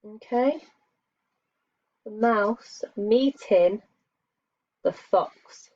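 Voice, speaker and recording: Slow, patient woman teaching young children. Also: medium pitch, darkish tone, dry recording. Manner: slow, patient, asks children questions while drawing. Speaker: primary school teacher. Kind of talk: remote lesson for young children. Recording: dull lo-fi dry sound.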